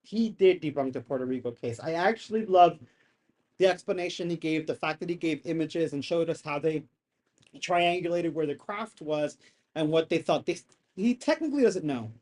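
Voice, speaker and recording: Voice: medium pitch, moderate pace. Exasperated, slangy live streamer. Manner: animated and exasperated, slangy, swears often; rambling, restarts sentences. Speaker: streamer reacting to a hearing. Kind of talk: casual live-stream commentary.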